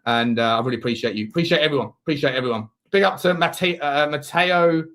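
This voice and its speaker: A man's voice: fairly high pitch, quick pace, a bit bright. A man hosting a live football watch-along, chatting in a rambling way and reading out viewer messages. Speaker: host.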